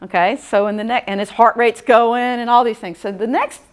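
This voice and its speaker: A woman's voice: on the high side, steady tone, moderate pace, clean tone. Middle-aged woman, workshop presenter; casual lecture, conversational, keeps asking "okay?". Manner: folksy, conversational, checks in with "okay?".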